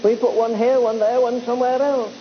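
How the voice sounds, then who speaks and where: A man's voice: very high voice, level tone, fairly quick. A man preaching to a live congregation in a church, conversational and exhorting, teasing his listeners. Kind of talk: sermon. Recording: dull lo-fi recording with faint hiss.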